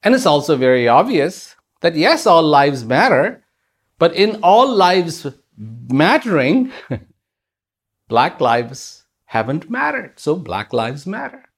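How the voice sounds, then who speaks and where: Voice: mid-range voice, big pitch swings, slow pace, slightly rough. A speaker giving a reflective spiritual talk, using rhetorical questions and repetition for emphasis.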